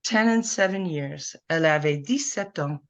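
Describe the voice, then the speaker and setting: A woman teaching a small online French class, explaining slowly and patiently while mixing French and English. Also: low voice, expressive.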